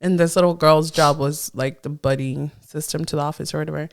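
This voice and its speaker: A woman co-hosting a podcast, telling a story in casual chat, animated and dropping in Spanish words. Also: sits low, a little fast. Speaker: podcast co-host.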